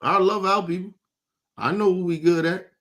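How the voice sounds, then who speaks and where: High-voiced man ranting bluntly. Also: normal speed. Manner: blunt, profane, animated ranting. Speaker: streamer host. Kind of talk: casual live-stream commentary.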